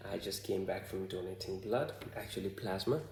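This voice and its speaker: A man from Bhutan with a Bhutanese accent, talking to the camera in a hesitant, halting way full of fillers. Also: sits low, echoey room, background noise. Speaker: vlogger. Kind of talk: casual talk to camera.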